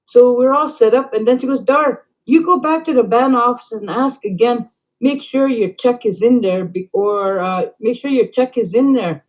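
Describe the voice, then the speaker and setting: A middle-aged woman telling a long story in casual talk, rambling with many fillers and dropping to quiet asides. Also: fairly high pitch, moderate pace. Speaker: band councillor. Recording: dull lo-fi recording.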